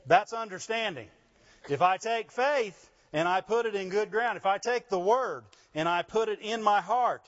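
A man with a notably high voice delivers a sermon in rhythmic, repeating phrases. He keeps checking in with his listeners as he drives each point home. The recording sounds dull and lo-fi. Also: a bit bright. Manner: repetitive, rhythmic preaching with call-outs to the congregation. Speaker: preacher.

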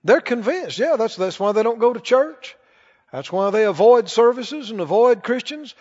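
A man with a notably high voice preaches to his congregation, asking them questions as he goes. The sound is muffled and lo-fi, with a long reverb trailing off through a large church hall. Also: expressive, moderate pace, darkish tone. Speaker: pastor. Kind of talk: sermon. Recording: dull reverberant church recording.

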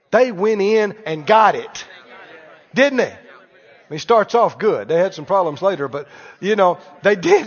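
A male pastor preaching a sermon, drawing replies from the congregation and building to loud, emphatic lines. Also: very high-pitched. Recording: dull reverberant church hall sound.

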